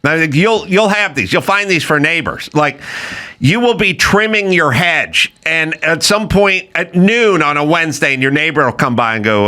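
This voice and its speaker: Middle-aged man, podcast host; animated, incredulous comic storytelling, bright and lively. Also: a little high, normal speed. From Los Angeles. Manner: animated, incredulous, mimics people in voices. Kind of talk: comedic storytelling rant.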